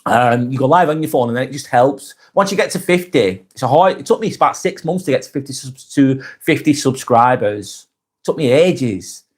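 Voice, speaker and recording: Man, Lancashire accent, live-stream host, casual chat, reads comments aloud, plain-spoken, direct, middle pitch. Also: lively intonation, moderate pace. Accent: Lancashire, Northwest England. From Northwest England. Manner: plain-spoken and direct, addresses viewers by name.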